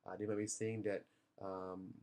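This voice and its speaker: A man's voice: lowish voice, little pitch movement, measured pace, warm tone. A young man, a seminar trainer, talks earnestly and reassuringly to parents in a video message, with many fillers and restarts, tired after the seminar.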